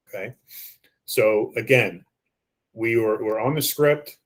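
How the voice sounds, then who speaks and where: A man's voice: lowish voice, takes it slowly, long pauses. A man giving a training lesson on phone sales scripts, coaching listeners and acting out the script lines.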